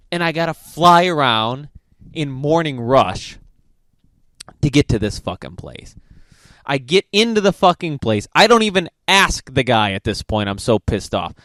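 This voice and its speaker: A man's voice: fairly high pitch, fairly bright tone, no echo, clean studio sound. A man hosting a podcast, telling a travel story in a casual monologue, swearing constantly and venting his frustration. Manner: profane, exasperated ranting. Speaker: podcast host.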